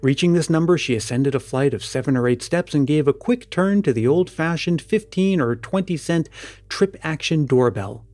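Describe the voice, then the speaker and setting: A man narrating an audiobook in a steady, measured storytelling manner. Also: on the high side, no room sound. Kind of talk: scripted narration.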